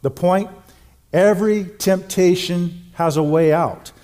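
Middle-aged male pastor, sermon delivery, emphatic and earnest, a touch high-pitched. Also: darkish tone. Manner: earnest, emphatic preaching with slow stressed phrases.

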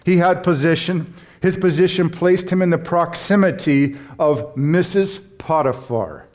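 Man preaching a lively sermon. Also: a little high, a little slow. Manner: emphatic preaching with humorous asides. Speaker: pastor.

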